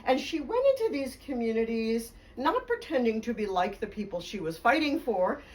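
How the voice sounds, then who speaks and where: A woman's voice: fairly high pitch, sing-song, moderate pace, recorded from a distance, low-quality recording. A woman biographer telling stories in a conversation, speaking fluently and with emphasis. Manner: fluent, emphatic, laughs along. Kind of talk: conversational storytelling interview.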